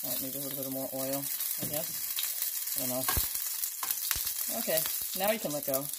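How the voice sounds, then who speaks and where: A woman hosting a home and garden vlog, chatting casually and excitably while she cooks in her home kitchen. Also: very deep voice, moderate pace, very noisy. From United States. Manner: chatty, excitable, lots of exclamations.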